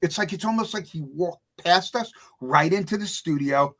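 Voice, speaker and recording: A middle-aged man, a guest on a talk show, telling a story with lively voices for the people in it. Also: moderate pace. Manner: acts out voices in his stories, big swings in pitch and loudness. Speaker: author and music producer guest.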